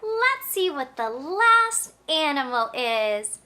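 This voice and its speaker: Woman toddler host, very high bright voice, slow exaggerated delivery, music behind. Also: big pitch swings. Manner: slow, exaggerated, sing-song. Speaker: children's show host. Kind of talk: toddler teaching.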